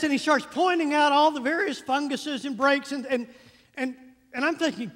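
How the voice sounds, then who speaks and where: A male pastor preaching a sermon as a humorous, animated story, stretching words out for comic effect. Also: extremely high pitch, normal speed. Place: church sanctuary. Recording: long reverb of a church hall.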